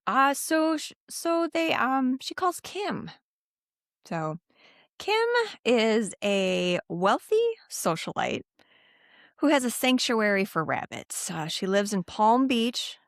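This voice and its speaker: A woman's voice: on the high side, big pitch swings, slow pace, no echo, clean studio sound. A woman co-hosting a podcast, recapping a story in casual chat with frequent laughs and fillers. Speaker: podcast co-host.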